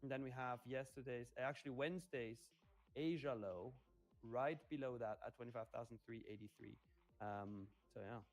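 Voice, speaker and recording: A man's voice: mid-range voice, normal speed, soft background music. A man hosting a livestream in casual chat, upbeat and playful as he reads out viewer comments and hypes the audience. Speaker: livestream host reading chat.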